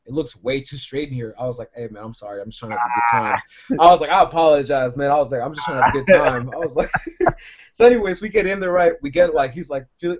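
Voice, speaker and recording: A man's voice: on the high side, lo-fi sound, background noise. A man co-hosting a podcast, telling a long rambling story full of profanity in casual chat. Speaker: podcast co-host.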